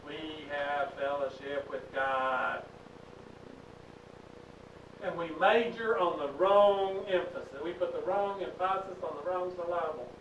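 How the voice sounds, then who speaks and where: Emphatic high-voiced preacher, echoey. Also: male voice, steady tone, measured pace, fairly bright tone, a little hiss or hum. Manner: emphatic, questions the class. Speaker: Bible class teacher. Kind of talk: preaching Bible class. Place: church classroom. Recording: echoey room, distant mic.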